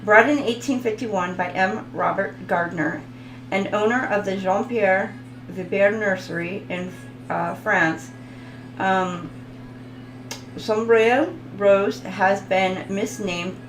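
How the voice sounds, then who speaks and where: A woman's voice: mid-range voice, slow, reverberant, a little hiss or hum, low-quality recording. A woman giving a casual tarot reading, rambling, giggling and reading card text aloud. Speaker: tarot reader.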